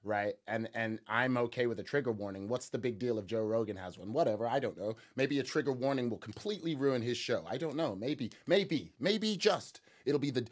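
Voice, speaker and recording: A man's voice: medium pitch, animated, brisk, few pauses. Sarcastic man ranting in casual commentary. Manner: sarcastic, mocking, rambling with many restarts. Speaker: online commentator reacting to a news clip.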